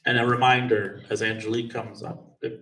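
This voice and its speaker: Brisk man chairing a meeting, echoey hall. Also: medium pitch, level tone, gravelly, pushed and bright. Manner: brisk and procedural. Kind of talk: running a public meeting. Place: community center meeting hall. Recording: echoey hall, distant mic, faint noise.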